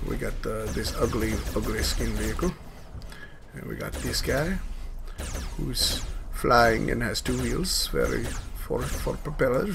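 A man hosting a gaming channel, giving casual gameplay commentary with profane, excitable outbursts at his teammates. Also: mid-range voice, measured pace, vocal fry, over music.

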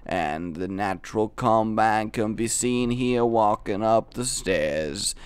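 A man voicing a solemn older male nature-documentary narrator in a slow, hushed, grave manner. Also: on the low side, clean tone, no room sound, pitched below the performer's own voice.

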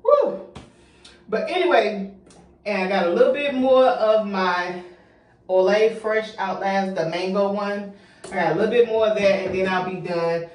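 A woman's voice: medium pitch, moderate pace, darkish tone, echoey room, distant mic. A young woman vlogging, chatty and effusive, a little out of breath as she talks to her viewers. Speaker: home organization vlogger. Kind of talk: casual vlog chat. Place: bathroom.

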